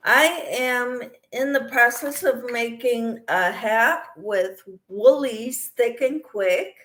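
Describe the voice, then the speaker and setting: A woman's voice: fairly high pitch, slow pace, a bit bright, roomy sound. A woman hosting a casual crochet livestream, chatting with viewers by name while she cooks in her kitchen. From Kansas. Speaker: crochet channel host. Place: home kitchen.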